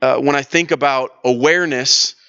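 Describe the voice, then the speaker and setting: A man's voice: mid-range voice, fairly even intonation, moderate pace, pushed and bright, clear, resonant tone, muffled recording. A man leading a church leadership workshop, talking in a casual, storytelling way with lots of restarts and fillers. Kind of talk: conversational teaching session.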